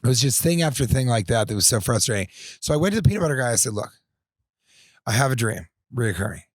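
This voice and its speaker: A man's voice: medium pitch, rapid-fire, no room sound, clean studio sound. Rambling American man telling stories. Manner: rambling storyteller with animated impressions. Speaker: podcast guest, comedian. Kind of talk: casual chat.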